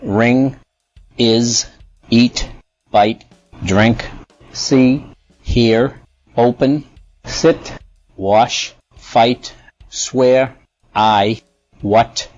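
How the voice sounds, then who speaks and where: A man with a Boston accent reading word lists and a short story, slowly and deliberately. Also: mid-range voice, steady tone, a little mellow, no echo, dull audio, faint music behind. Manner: slow, deliberate, one word at a time. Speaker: language sample speaker.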